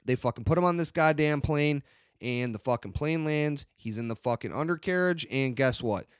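A man co-hosting a comedy podcast, ranting loudly and swearing constantly. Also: a little high, moderate pace, smooth, dry recording, studio quality. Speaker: podcast co-host. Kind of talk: profane comedic podcast banter.

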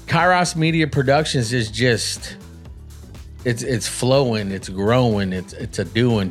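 Guy hosting a motivation podcast, slangy and hyped, says man a lot, some faint music in back. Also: medium pitch. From Native American. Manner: animated, slangy, keeps saying "man". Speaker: podcast host.

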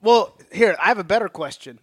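A male guest comedian telling stories in casual podcast chat, animated and swearing freely. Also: sits high, brisk, husky.

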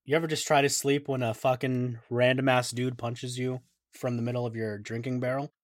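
A man's voice: medium pitch, little pitch movement, a little fast, dry recording, studio quality. A man co-hosting a podcast, joking in a sarcastic, profane way. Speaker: podcast co-host. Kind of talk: casual podcast banter.

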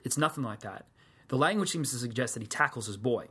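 A man's voice: medium pitch, lively intonation, quick pace, bright, forceful tone, husky. A man preaching a sermon, telling the story in a casual, conversational way with joking asides.

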